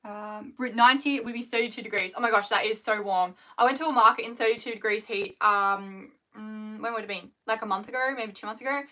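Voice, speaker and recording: This scrunchie maker, a young Australian woman, talks at a quick clip with a steady, sharp tone, barely pausing. Her pitch is medium, and she rambles casually on her live stream, full of filler words. The recording has a dull, lo-fi livestream quality.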